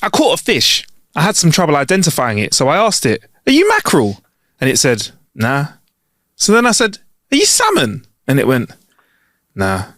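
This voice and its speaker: A man's voice: a little high, huge pitch swings, a little fast, bright, forceful tone, no echo, studio quality. A man co-hosting a comedy podcast, playful and laughing at his own jokes in casual chat. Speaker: podcast co-host.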